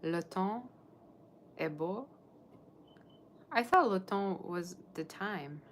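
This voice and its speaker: A woman's voice: medium pitch, expressive, slow, a little hiss or hum. A woman giving a live tarot reading to her viewers, chatting and rambling as she answers their comments. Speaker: tarot reader.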